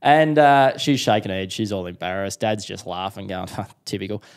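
Young Australian male guest, animated storyteller, low and smooth. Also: moderate pace. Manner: animated storyteller acting out quotes. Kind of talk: casual storytelling interview.

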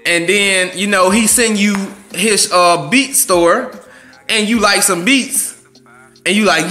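A young man giving casual, profane, blunt advice as a vlogger, talking fast and animated. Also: sits high, faint music behind.

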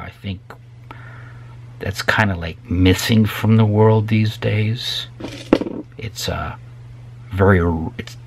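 A middle-aged man with a fairly low voice rants to camera about his craft. He speaks slowly and deliberately, leaning on repeated words for emphasis with fervent conviction. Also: fairly bright tone, husky. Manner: impassioned, ranting, emphatic repetition. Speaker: guitar maker selling stands. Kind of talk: unscripted monologue to camera.

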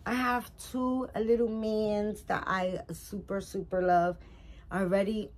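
A middle-aged woman vlogging about her doll collection in a rambling, chatty way, full of fillers, excitable and emotional. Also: mid-range voice. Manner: rambling, warm-hearted and chatty, many fillers; excitable, rising loud on some words. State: emotional, recently crying. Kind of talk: casual chat to viewers.

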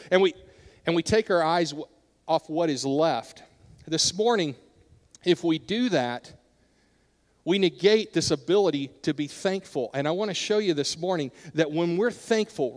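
Middle-aged guy preaching a sermon, earnest, highish voice, big reverby church hall. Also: animated, normal speed. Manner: earnest, drops softer when telling personal stories. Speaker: pastor.

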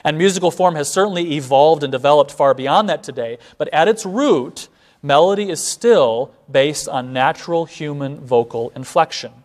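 A man giving a classroom lecture, measured and explanatory, often checking in with a rhetorical "right?". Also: on the high side, darkish tone.

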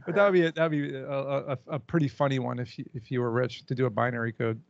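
A man's voice: medium pitch, fairly even intonation, quick pace, gravelly, dry recording, muffled recording. A male filmmaker guesting on a podcast, upbeat in casual chat, laughing easily and repeating his words.

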